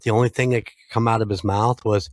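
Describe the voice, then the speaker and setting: Low-voiced American man telling a family story. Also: steady tone, quick pace, no room sound. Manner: storytelling, swears freely, acts out quoted lines. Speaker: podcast co-host. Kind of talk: casual chat.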